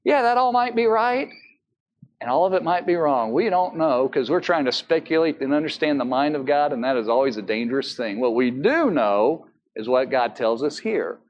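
A man's voice: a little high, expressive, normal speed, lo-fi sound. A man preaching a sermon as pastor, talking earnestly and conversationally with rhetorical questions, with an American accent.

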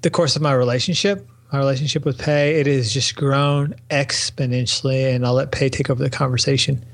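Male guest, mid-pitched, reflective and stop-start storyteller. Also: steady tone, fairly quick. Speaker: podcast guest, life coach. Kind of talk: casual interview talk.

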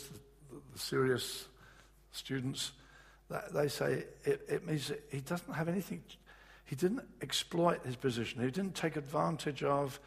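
A man preaching a sermon in an earnest, halting way with many restarts, his voice just back after being lost. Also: medium pitch, creaky, breathy edge. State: voice recovering from loss. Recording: echoey hall.

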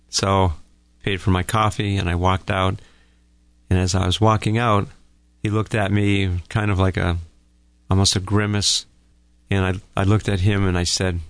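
Hosting a radio talk show, a middle-aged man who works as a couples therapist calmly recounts a personal story in a homespun style, calling his audience folks. He has a low voice at a normal speed, with no room sound.

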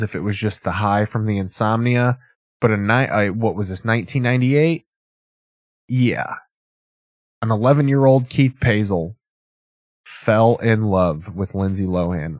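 A man's voice: lowish voice, no echo. Wry, foul-mouthed man riffing on TV. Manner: rambling, swears freely, wry asides. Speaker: streamer reacting to TV clips. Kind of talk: casual profane commentary.

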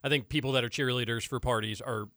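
A man co-hosting a radio show, quick and opinionated, repeating words for emphasis. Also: mid-range voice, steady tone, fairly bright tone, dry recording, studio quality. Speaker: co-host of a radio sports and politics show. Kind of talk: casual talk-radio banter.

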